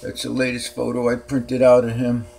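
A man at home films his cats on his phone and coos at them fondly in a casual chat. His medium-pitched voice is creaky and dark, delivered completely flat at normal speed, with a little hiss or hum in the recording.

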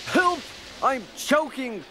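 A man voicing a fussy young male tank engine in a storybook, cheeky and quick to take offence. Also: on the high side, lively intonation, background noise, voice pushed up. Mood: panicked. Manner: cheeky, then indignant and choking.

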